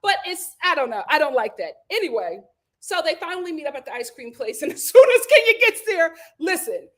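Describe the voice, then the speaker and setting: A young woman with a high, very lively voice talks through a show review in a casual live chat. She is animated, laughs often, and acts out quotes with a raised voice. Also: brisk. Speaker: host of a reality TV review show.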